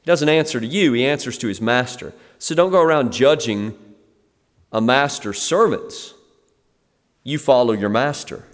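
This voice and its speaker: A middle-aged man preaching an expository sermon, conversational and explanatory, sometimes acting out the scene in lively quoted asides. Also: mid-range voice, normal speed. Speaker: pastor. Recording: long hall reverb.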